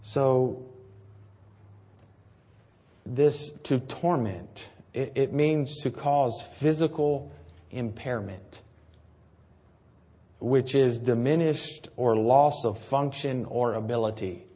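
A man delivers a sermon at a middle pitch, talking it through in a relaxed, conversational way. He keeps checking in with his listeners through rhetorical questions. The recording sounds a little dull and lo-fi. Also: slow, long pauses. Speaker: preacher.

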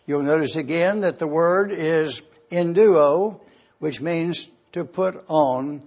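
A man preaching a sermon to a congregation, teaching slowly and deliberately and spelling out Greek words letter by letter. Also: a little high, darkish tone, highs cut off. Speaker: pastor.

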